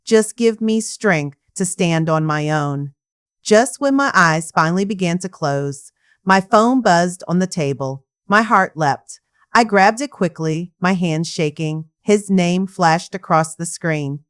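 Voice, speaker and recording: Brief: woman storyteller, emotional scripted narration, lowish pitch. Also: animated, a little slow. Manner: emotional, dramatic reading.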